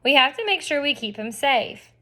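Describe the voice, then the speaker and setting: A woman reading as a gentle small-town preacher. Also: high-pitched, very animated, moderate pace, full character voice. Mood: caring. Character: kindly protective man, a small-town preacher.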